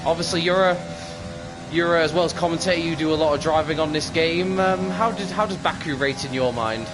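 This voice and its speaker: A man's voice: fairly high pitch, brisk. Upbeat man calling sim racing. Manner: chatty, upbeat play-by-play with many fillers. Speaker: lead commentator. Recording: music bed underneath.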